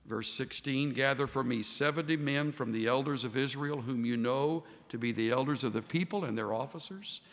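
A man preaching a sermon as a pastor, animated and voicing the figures he quotes. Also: medium pitch, moderate pace, hardly any pauses. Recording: long hall reverb.

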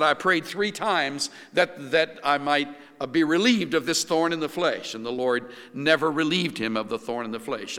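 An older man preaching a sermon, earnest and measured, with frequent restarts and fillers. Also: on the high side, sharp tone, in a large hall. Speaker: pastor.

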